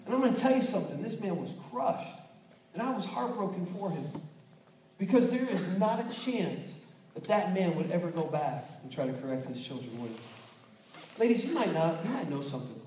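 A man's voice: high voice, a little fast, slight background noise. Pastor guy preaching, lots of restarts and acted-out quotes, sounds far off in a roomy hall. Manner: storytelling with lively acted quotes and many restarts. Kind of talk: sermon. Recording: echoey hall, distant mic.

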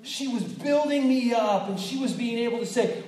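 A man's voice: very high-pitched, moderate pace. Pastor guy preaching, lots of restarts and acted-out quotes, sounds far off in a roomy hall. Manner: storytelling with lively acted quotes and many restarts. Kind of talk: sermon. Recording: echoey hall, distant mic.

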